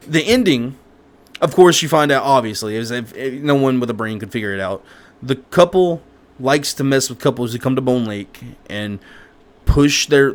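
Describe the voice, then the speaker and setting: A man co-hosting a casual chat, recapping a movie in a rambling, animated way with lots of restarts and slang. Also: medium pitch. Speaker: co-host.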